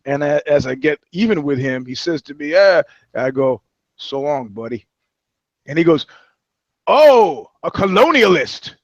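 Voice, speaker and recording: A man's voice: mid-range voice, normal speed, darkish tone, dry recording, dull audio. A man talking as a podcast guest, telling loose, profane anecdotes in casual chat. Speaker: guest, touring musician.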